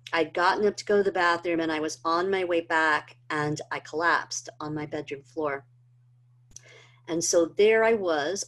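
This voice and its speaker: A middle-aged woman earnestly telling a personal story, with many fillers and rising emotion. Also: deep voice. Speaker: presenter of a health training video. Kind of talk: personal testimony talk.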